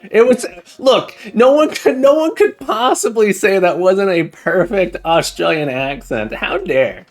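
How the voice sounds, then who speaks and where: A man hosting a live coding stream, chatting excitedly and jokingly with viewers, often repeating words and restarting his sentences. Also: high-pitched, slow pace, soft background music. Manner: laughs often and jokes with chat. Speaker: livestream coding host. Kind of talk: casual live-stream chat while coding.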